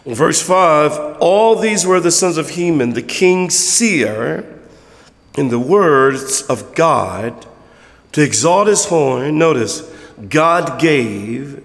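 A pastor preaches in an easy, conversational way, slipping into quick voices of church folk. His voice is a touch high and gravelly with fry. The sound carries the long reverb of a church hall. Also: lively intonation. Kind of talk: sermon.

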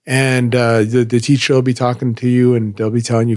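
A man's voice: mid-range voice, level tone, a little fast, hardly any pauses, darkish tone, no room sound. Middle-aged man, loose rambling storyteller, dry close mic. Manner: rambling, restarts a lot. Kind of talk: casual chat.

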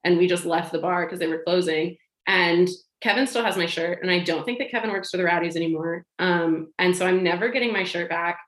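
A woman with a slightly low voice tells a rambling story, animated, laughing and acting out the lines of the people in it. Her voice rings in a roomy space. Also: a little fast. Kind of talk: casual storytelling chat. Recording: roomy echo.

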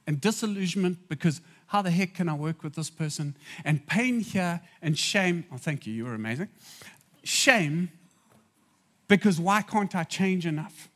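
A man delivers a sermon in a loose, chatty manner. His voice sits somewhat high, and he breaks off for quick asides to the crowd. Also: a bit bright. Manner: conversational, asides to the audience. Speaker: preacher.

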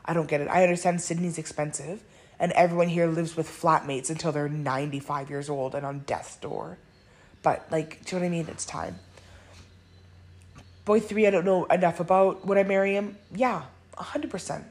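Woman, slightly low pitch, casual podcast monologue, blunt, chatty, laughs often. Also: fairly even intonation, fairly quick, a little mellow. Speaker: podcast host.

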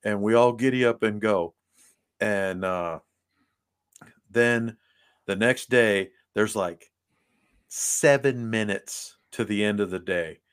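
Podcast co-host, male, lowish voice, loose rambling storyteller. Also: slow, long pauses, clean tone. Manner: rambling storyteller, many fillers. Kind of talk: casual chat.

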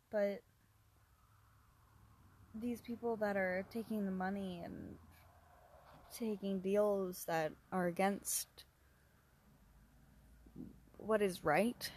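A young woman hosting a casual solo podcast, rambling softly, laughing often and sometimes dropping to a whisper. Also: mid-range voice, slight background noise. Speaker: podcast host.

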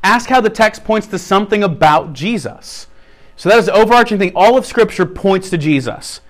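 A man's voice: high-pitched, animated, normal speed. A male pastor giving a sermon, explaining practical steps and repeating key phrases as he teaches.

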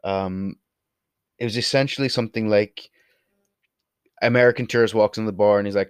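A man's voice: sits low, flat delivery, fairly quick, pauses often, smooth, no room sound. Irish man, young, blunt and opinionated, swears freely, casual vlog talk, dry close sound. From Ireland. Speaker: video creator. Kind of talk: casual to-camera monologue.

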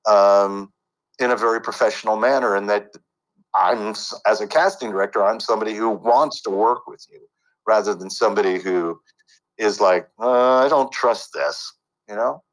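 A man's voice: fairly low pitch, moderate pace, poor audio. A man who works as a voice actor and coach, talking casually in an interview with many fillers and restarts.

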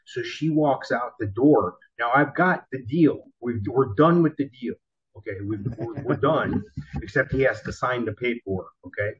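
Profane storyteller on a laptop mic. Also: male voice, mid-range voice, moderate pace, breathy edge, muffled recording. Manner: animated, profane, acts out voices in his story. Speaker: former car salesman telling a story. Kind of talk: casual storytelling chat. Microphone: laptop built-in mic.

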